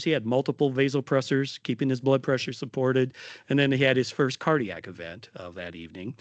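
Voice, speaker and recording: Middle-aged male nurse leader at a podium, animated anecdote, dry mic. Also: mid-range voice, dry recording, highs cut off. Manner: animated storytelling with voiced quotes. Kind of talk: conference talk.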